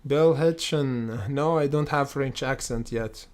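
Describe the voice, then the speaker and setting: A man hosts a day-trading livestream at a slow, relaxed pace, with a voice of middling pitch for a man. He thinks aloud, leans on fillers and repeated phrases, and keeps calling his viewers guys and brother. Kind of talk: live market commentary.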